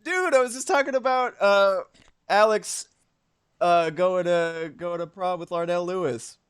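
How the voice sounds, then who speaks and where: A man chatting casually on a live stream while he draws, animated and swearing freely, with quick asides. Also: high-pitched, clear, resonant tone.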